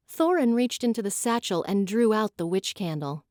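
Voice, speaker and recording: A woman giving an expressive, dramatic scripted narration of a fantasy audiobook. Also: medium pitch, moderate pace, hardly any pauses, no room sound, clean studio sound.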